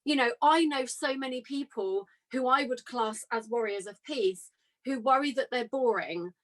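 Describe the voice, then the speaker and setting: A woman hosting a podcast, talking in an enthusiastic, animated way in casual conversation with her guest. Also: on the high side, normal speed. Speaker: podcast host.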